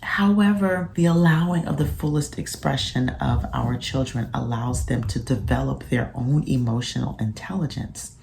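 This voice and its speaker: A woman, a physician and mother, sharing parenting reflections in a casual vlog, soft-spoken and thoughtful with frequent pauses. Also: very deep voice, vocal fry, slight background noise.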